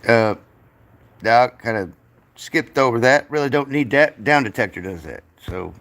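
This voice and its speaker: A man hosting his channel, talking to himself in a halting, casual way while he works at a computer. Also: medium pitch, animated, a bit bright. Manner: halting, talks to himself as he clicks. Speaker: channel host working at a computer. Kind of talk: casual thinking aloud while working.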